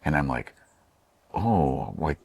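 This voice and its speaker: A man's voice: extremely low pitch, sing-song, slow, creaky, darkish tone, husky, no room sound. A man, an artist being interviewed, talking casually in a rambling, hesitant way with many fillers and restarts. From Oregon, USA. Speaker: artist and painter.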